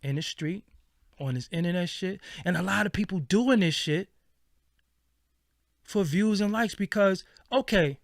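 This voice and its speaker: A channel host with a high voice tells a story casually at a measured pace, with vocal fry and frequent pauses. He's animated and swears freely, acting out what people said. The studio-quality recording has no echo.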